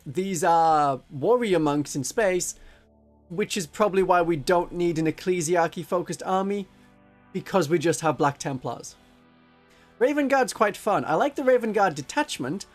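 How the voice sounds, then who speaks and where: A man chatting casually on a livestream, joking and now and then slipping into silly voices. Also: high voice. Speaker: streamer.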